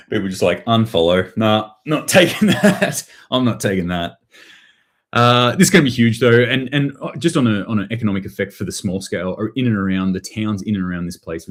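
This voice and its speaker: A man with a low, deep voice talks through the news in a loose live-stream commentary. He rambles and often restarts his phrases, with a sardonic edge. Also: a little mellow. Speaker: host.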